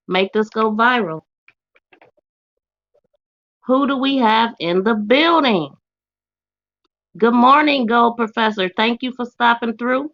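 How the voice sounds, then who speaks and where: A woman's voice: a little high, fairly bright tone, muffled recording. A woman hosting a casual live stream, greeting viewers by name and speaking, indignant and emotional. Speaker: YouTube channel host.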